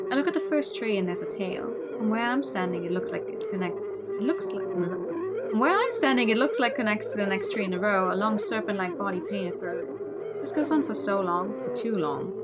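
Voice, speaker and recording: A young woman streamer who reads a visual novel aloud, with rambling, stammering asides in between. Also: medium pitch.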